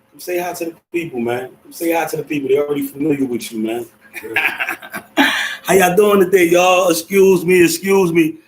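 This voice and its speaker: A man's voice: a little high, a little hiss or hum. Upbeat man hosting a live stream. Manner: upbeat, greets and shouts out viewers. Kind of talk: casual live-stream chat.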